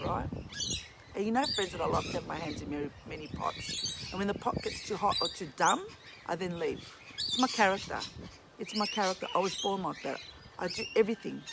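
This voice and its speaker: A woman's voice: fairly low pitch, gravelly, heavy background noise. An Australian woman ranting in a vlog monologue, fired up and swearing, at home among her pet birds. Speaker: vlogger and empathy counsellor. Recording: loud birdsong chirping behind. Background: chirping birds.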